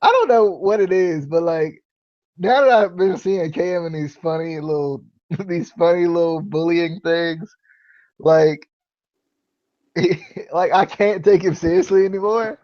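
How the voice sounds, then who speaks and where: A man's voice: a little high, measured pace, dry recording. Rambling, giggly podcast host man. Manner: rambling, filler-heavy, laughs easily. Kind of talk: casual wrestling review chat. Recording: dull, lo-fi podcast recording.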